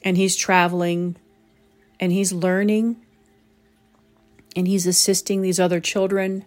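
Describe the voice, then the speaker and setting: A woman hosting a reflective spoken talk as a medium, gentle and pausing to search for the right words. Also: lowish voice, level tone, faint music behind. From southern New England. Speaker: psychic medium, host.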